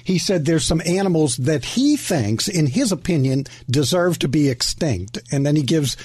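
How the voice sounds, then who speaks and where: A man's voice: on the high side, expressive, normal speed, darkish tone, husky, dry recording. A man co-hosting a radio show, eagerly explaining an item, agreeing readily and stumbling over his words. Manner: eager, agreeable, storytelling with hesitations. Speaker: radio co-host. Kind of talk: playful radio banter.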